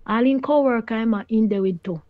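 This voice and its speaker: A middle-aged Jamaican woman pours out her story in patois, animated and full of exclamations as she quotes what others said. The sound is dry and a little dull. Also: fairly high pitch, a little fast, dry recording. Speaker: caller sharing her story.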